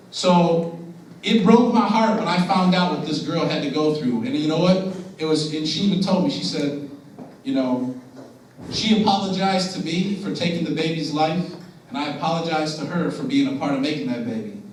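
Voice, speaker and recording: A young man addresses students in an earnest, direct way, putting questions to the room. His voice sits slightly high for a man. It echoes heavily around a big school hall and sounds distant, with faint room noise underneath. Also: normal speed. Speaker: motivational speaker. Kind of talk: school assembly talk. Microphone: distant from the recording device.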